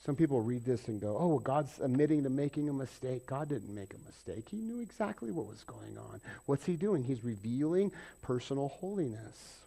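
A man preaching a conversational sermon, jumping from loud emphatic bursts to quiet asides. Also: mid-range voice, lively intonation, normal speed, vocal fry, few pauses. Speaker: pastor.

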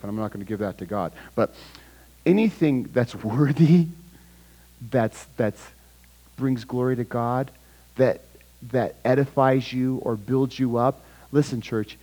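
A man preaching a sermon, talking casually with the congregation, asking them questions, with sudden loud bursts and quiet asides. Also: mid-range voice, rough recording. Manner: animated, with sudden loud outbursts and hushed asides; conversational, asks the congregation questions. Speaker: pastor.

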